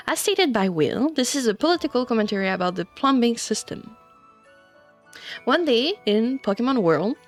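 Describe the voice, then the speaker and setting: A woman streamer casually reading fanfiction aloud to her chat, giggling and rambling with many fillers. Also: a little high.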